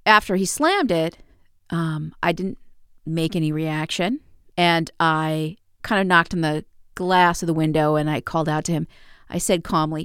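A woman with a fairly low, smooth, resonant voice recounts her own mishaps in a calm, wry way. The sound is dry and close, with no room around it. She drops in small self-deprecating laughs. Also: a little slow, dry recording. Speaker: podcast host. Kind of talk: casual personal storytelling.

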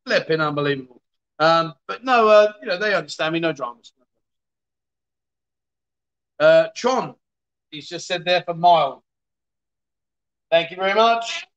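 A man's voice: on the high side, lively intonation, unhurried, pauses often, fairly bright tone, highs cut off. A man hosting a casual livestream, reading out viewer comments with jokey, exasperated asides. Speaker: livestream host.

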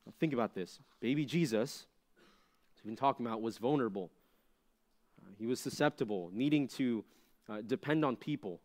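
Young guy youth pastor preaching to middle schoolers, mid pitch, chatty, lots of "like" and "uh". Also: brisk, pauses often. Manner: animated, conversational preaching with rhetorical questions and fillers. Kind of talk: sermon to junior high students.

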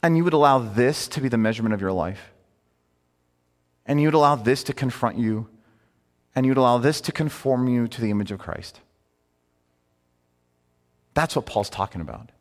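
A man's voice: mid-range voice, big-room sound. A man preaching a sermon as a pastor, conversational and emphatic, with many rhetorical questions.

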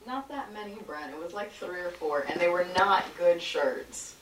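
A woman's voice: on the low side, animated, normal speed, a bit bright. Woman answering offhand from across a room. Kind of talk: casual group banter. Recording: roomy sound from far off.

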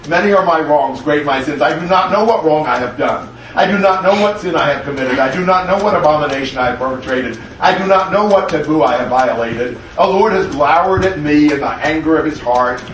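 A man's voice: on the high side, a bit bright, a little hiss or hum. A man leading a Bible class, teaching earnestly and reading an ancient prayer solemnly aloud. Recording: echoey room, mic far off.

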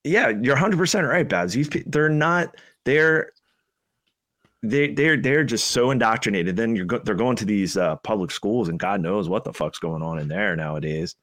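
A man's voice: fairly low pitch, moderate pace, fairly bright tone. Profane ranting male podcast co-host. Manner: profane, rambling rant. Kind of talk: casual podcast banter.

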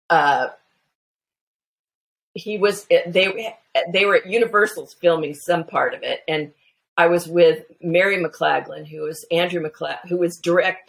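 A woman guest telling family anecdotes in a casual, animated way, full of restarts and fillers. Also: on the low side, gravelly, poor audio. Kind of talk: casual storytelling chat.

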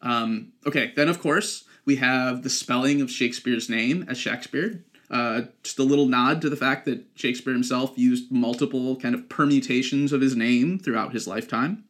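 A man's voice: mid-range voice, normal speed, fairly bright tone. Young guy podcast host, chatty and explainy, lots of ums and likes. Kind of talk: casual explanatory commentary.

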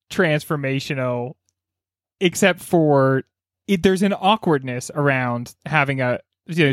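Slightly high-voiced reflective male panelist. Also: dry recording, clean studio sound. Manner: measured, reflective, jokey. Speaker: podcast co-host, regular panelist. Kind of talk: casual movie podcast chat.

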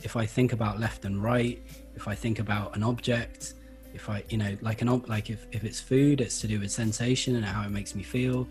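A man explaining Feldenkrais practice in a relaxed interview, thoughtful and hesitant, with many fillers. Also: fairly low pitch, fairly quick, faint music behind. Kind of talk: conversational interview.

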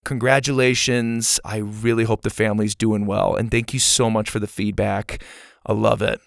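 A man's voice: on the low side, level tone, normal speed, gravelly, no room sound, clean studio sound. A man in his thirties, a podcast host reading listener reviews in a casual, enthusiastic and earnest way to young listeners.

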